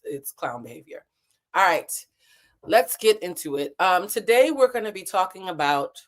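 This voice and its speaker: Candid woman chatting live, lower voice. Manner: candid, animated, swears freely. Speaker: livestream host. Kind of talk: casual livestream chat. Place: hotel room.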